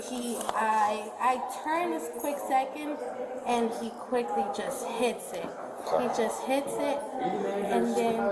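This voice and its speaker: A shaken woman at an apartment front desk recounts a frightening incident to police, rambling and slipping into quoted voices. Her voice sounds echoey and roomy, as if caught on a bodycam in a lobby. A thick wash of chatter and crowd noise sits loudly behind her. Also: on the high side.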